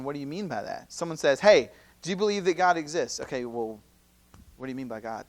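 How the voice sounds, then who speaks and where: A campus minister in his thirties giving a conversational teaching talk at a youth seminar, full of rhetorical questions and quick acted-out quotes. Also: medium pitch. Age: 30s. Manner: acts out quoted speakers in lively asides.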